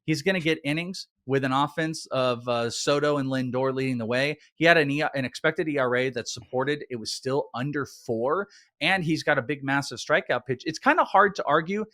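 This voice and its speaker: A man co-hosting a fantasy baseball chat, reeling off stats in a quick, animated way. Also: medium pitch, no echo, studio quality. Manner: stat-heavy, quick and animated. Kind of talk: casual analytical chat.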